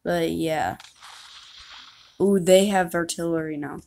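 A woman's voice: lowish voice, steady tone, takes it slowly, vocal fry, warm tone. A woman chatting and rambling as she plays a game, giving commentary and poking fun at herself. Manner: chatty, rambling, self-mocking. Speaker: gamer. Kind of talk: gameplay commentary.

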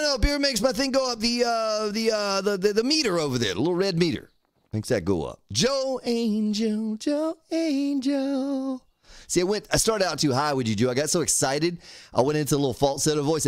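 A man live-streaming a survival game, chatting casually, joking and greeting viewers in the chat by name. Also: medium pitch.

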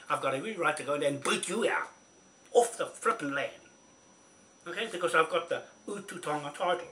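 A New Zealand vlogger with a fairly high, sharp voice rants angrily straight to camera, scolding and repeating himself. A little hiss or hum sits under the recording.

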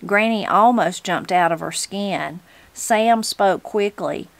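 A woman with a Southern Appalachian accent reading a book aloud in a steady, unhurried storytelling manner. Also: medium pitch, gravelly, dry recording. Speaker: channel host.

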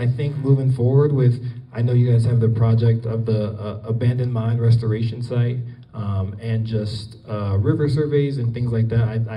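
A man's voice: mid-range voice, dull audio. A man giving a casual public talk to an audience, rambling with many fillers and restarts. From Colorado. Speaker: guest speaker. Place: event hall with an audience. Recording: distant, roomy event recording.

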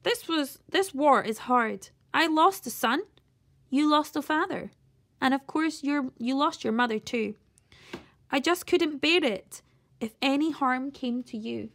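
A woman voicing a stern old grandmother in a children's story, talking in a brisk, matter-of-fact way. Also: sits high, a bit bright. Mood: regretful.

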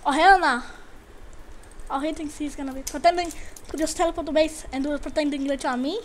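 A woman giving live gameplay commentary, excitable and trash-talking, yelling at opponents and teammates between quieter muttering. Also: sits high, brisk, a little hiss or hum. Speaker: gamer commentator.

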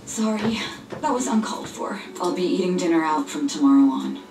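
A woman's voice: fairly low pitch, animated, a little fast, vocal fry, a little mellow, distant mic. An actress playing a harsh, dismissive adult woman who is an older sister in a video game. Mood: cold. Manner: cutting, dismissive. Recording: roomy game audio, voice set back. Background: game music.

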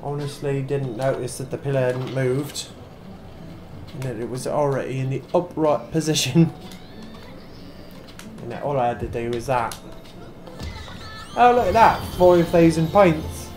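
A tipsy man hosting a VR gameplay video, talking in a put-on wandering British accent, with excitable exclamations and swearing at the game. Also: medium pitch, unhurried, long pauses, faint music behind. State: tipsy from drinking. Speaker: gaming channel host. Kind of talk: VR gameplay commentary.

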